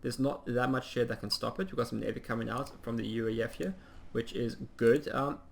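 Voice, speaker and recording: A man giving casual play-by-play commentary on a strategy game, chatty and rambling with plenty of ums, and quick to poke fun at himself. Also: mid-range voice, steady tone, gravelly, slight background noise. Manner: self-mocking humor. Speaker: game caster.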